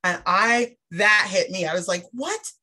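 During a sermon, a woman with a lowish voice shares her personal testimony at normal speed. She tells it as an animated, emphatic storyteller, acting out the dialogue and repeating phrases for stress.

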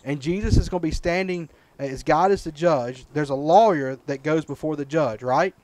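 A man's voice: fairly high pitch, moderate pace, a little mellow, no room sound, rough recording. A man, a preacher, teaching a children's Sunday school Bible lesson, checking in with the kids often. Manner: patient, checks in often with "right?" and "okay?".

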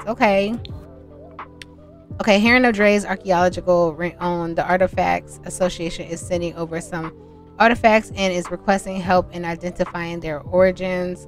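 A young woman hosting a life-sim let's-play, chatting excitedly and talking straight to her viewers. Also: on the low side. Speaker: gaming channel host. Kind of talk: casual let's-play commentary.

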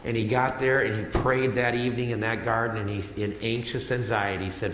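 A man's voice: on the low side, steady tone, brisk, hardly any pauses, fairly bright tone, a little hiss or hum. A male pastor preaching a sermon in a conversational way, repeating phrases for emphasis. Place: church sanctuary. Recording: echoey hall with long reverb.

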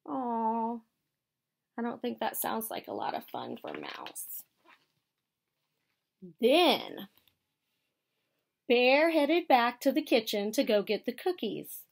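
Slow gentle American woman reading a picture book. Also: fairly high pitch, big pitch swings, creaky. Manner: gentle, explains words to children. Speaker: teacher reading aloud. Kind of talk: children's picture book read-aloud. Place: school.

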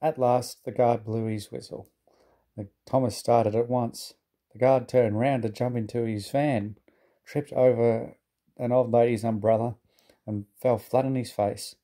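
Man reading a children's story, dark tone. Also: medium pitch, steady tone, measured pace. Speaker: narrator. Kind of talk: storybook read-aloud.

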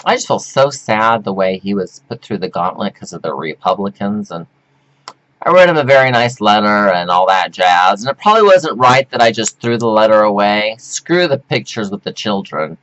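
A flamboyant man talks into a webcam at home in a camp, rambling monologue. His pitch swoops widely, from shrill whoops and squeals down to low, mumbled asides, and he giggles as he goes. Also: lively intonation, moderate pace, fairly bright tone, highs cut off. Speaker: performance artist vlogger.

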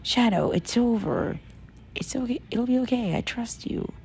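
A woman voicing a gentle, loving young girl in a fan audio drama, speaking softly and often in a whisper. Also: very high-pitched, wildly swooping pitch, slow pace, a little hiss or hum, pitched above the performer's own voice, exaggerated voice. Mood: soothing. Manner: soft, often whispered, pleading.

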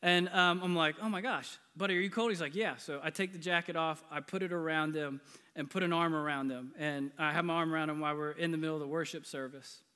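A high, bright-voiced middle-aged man preaches in a storytelling way, poking fun at himself and laughing along the way. His voice carries a long reverberant tail through a large church sanctuary. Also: steady tone, quick pace, smooth. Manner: humorous, self-deprecating, laughs often. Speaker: pastor. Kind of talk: storytelling sermon.

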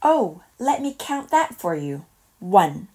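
A woman voicing a boastful male squirrel who talks quickly and chirpily in a children's storybook. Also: medium pitch, big pitch swings, a little mellow, breathy edge, heavily acted. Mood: chatty boastful. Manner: rapid, chirpy and pleased with himself.

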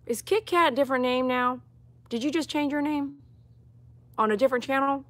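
A woman's voice: high-pitched, fairly quick. A woman dog groomer talking outdoors on a live-streamed grooming demonstration, chatty, coaxing and reassuring.

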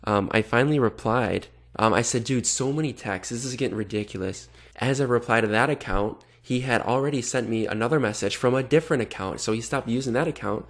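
A man's voice: medium pitch, brisk, few pauses. A man reading chat messages aloud and adding exasperated, sarcastic comments between them. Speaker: online predator-baiting vlogger.

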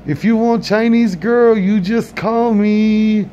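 Pushy male restaurant host, played by a man, raised pitch, clipped, slow delivery. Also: fairly even intonation, mellow, muffled recording, slight background noise. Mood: sly. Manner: slow, clipped broken phrases.

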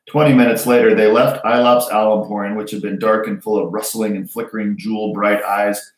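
A man reading a children's storybook aloud in a steady, measured way. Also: lowish voice. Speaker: reader. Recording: roomy echo.

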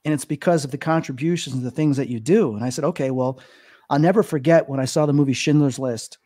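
Earnest fifties guy telling stories on a podcast, warm mellow tone, kinda high voice. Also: quick pace. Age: 50s. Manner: earnest, emotional storytelling with many fillers. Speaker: psychic medium guest. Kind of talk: podcast interview, storytelling.

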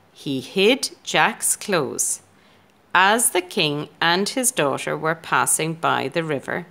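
A woman reading a children's storybook aloud as narration. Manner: slow, lively storytelling with changing pitch. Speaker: storybook reader.

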